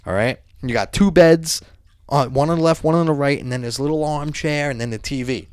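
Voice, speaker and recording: A man telling a profane, animated story in casual chat. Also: fairly high pitch, a little fast, clear, resonant tone, no room sound, clean studio sound.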